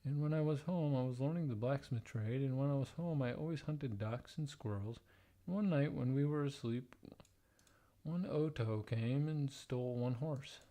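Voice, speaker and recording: A man livestreaming, reading old letters aloud in a plain, halting way, breaking off for blunt, profane joking asides. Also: mid-range voice, mellow. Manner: plain, halting read-aloud delivery, stumbling and restarting over odd wording.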